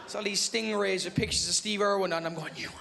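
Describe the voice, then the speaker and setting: An Irish man doing live stand-up, telling a story in an animated, punchy way. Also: sits high, quick pace, gravelly. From Ireland. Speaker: stand-up comedian. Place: large theatre with audience. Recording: noisy live theatre recording.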